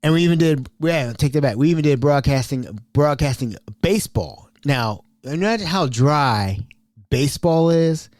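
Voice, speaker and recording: On his podcast, a man from Ohio shares old stories in an easygoing, chatty, animated style, often breaking into laughter. His voice is on the high side at a normal speed. The recording is studio quality with no echo.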